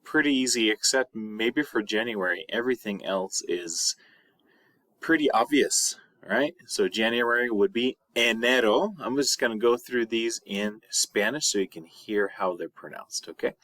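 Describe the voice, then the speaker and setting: Male teacher, lowish voice, dry close sound, patient, repeats words for practice. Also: unhurried, fairly bright tone, no room sound. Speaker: high school Spanish teacher. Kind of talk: recorded video lesson.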